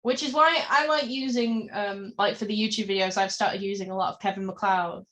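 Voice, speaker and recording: Woman co-host, mid pitch, casual rambling chat. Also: steady tone, brisk, fairly bright tone. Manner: rambling, filler-heavy, tangent-prone. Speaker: podcast co-host.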